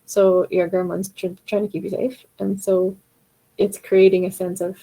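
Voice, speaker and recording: A woman's voice: medium pitch, level tone, moderate pace, warm tone, rough recording. A woman giving a casual, encouraging live coaching talk to singers, acting out their inner voices as she goes.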